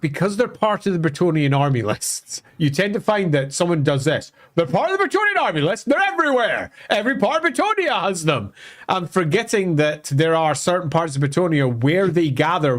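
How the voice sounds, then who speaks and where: Man explaining lore casually. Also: a little high. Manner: explanatory, thinks aloud with fillers. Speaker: co-host. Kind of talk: casual lore chat on a live stream.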